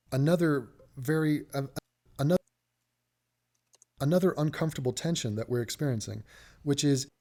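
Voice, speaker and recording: A man giving reaction commentary, thinking out loud and acting out mock quotes. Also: mid-range voice. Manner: reasoning aloud, restarts, mock quotes.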